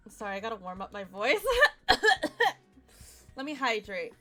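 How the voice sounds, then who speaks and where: A young woman streaming a game, chatty and excitable, with a voice still rough from a nap. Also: medium pitch, slow pace, soft background music. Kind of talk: casual game commentary.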